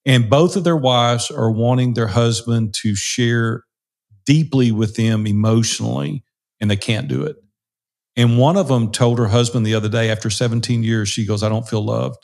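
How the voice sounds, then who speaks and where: A man's voice: mid-range voice, darkish tone. A man in his sixties co-hosting a podcast, talking candidly and encouragingly about marriage in casual conversation. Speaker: podcast co-host.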